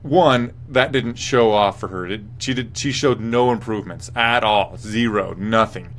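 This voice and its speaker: A man's voice: lowish voice, a little slow, fairly bright tone, a little hiss or hum. Swearing young man hosting a fight show. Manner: profane, rambling, reads viewer chat. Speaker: host. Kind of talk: casual MMA post-fight commentary.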